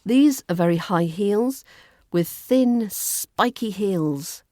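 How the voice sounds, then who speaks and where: A woman with a British RP accent teaching pronunciation in a scripted lesson, enunciating clearly and repeating words for practice. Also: mid-range voice, lively intonation, takes it slowly, dark tone, dry recording, studio quality. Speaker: accent coach.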